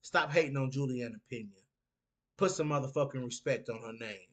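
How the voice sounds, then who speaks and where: A man's voice: medium pitch, brisk. A young man from North Carolina with a Southern accent, hosting a casual live stream, reading chat comments aloud and laughing often.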